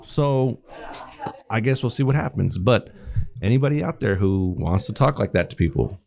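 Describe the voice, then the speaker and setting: A man's voice: fairly low pitch, lively intonation, moderate pace, vocal fry, a little mellow. A man co-hosting a casual podcast, ranting and swearing freely with frequent laughter. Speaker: podcast co-host. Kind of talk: casual profane chat.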